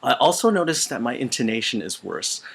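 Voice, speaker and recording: A man teaching voice, speaking with a weakened, out-of-shape voice in a halting way full of fillers and restarts. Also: mid-range voice, sing-song, creaky, a bit bright, breathy edge. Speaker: voice teacher and choir conductor. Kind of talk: casual instructional video. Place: small retreat room.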